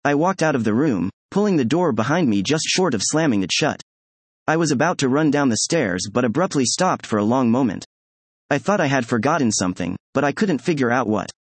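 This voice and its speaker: Husky-voiced man narrating a story. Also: medium pitch, no room sound. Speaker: audiobook narrator. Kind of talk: first-person story narration.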